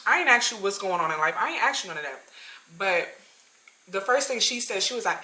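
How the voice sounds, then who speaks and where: A woman in her twenties telling a storytime vlog, slangy and animated, talking straight to her viewers. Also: medium pitch, fairly quick, reverberant, poor audio. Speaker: vlogger.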